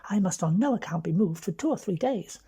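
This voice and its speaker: A woman with an English accent voicing a bold young aristocratic woman who lays out a scheme in a brisk, bossy way. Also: medium pitch, lively intonation, gravelly, dark tone, husky, full character voice. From London.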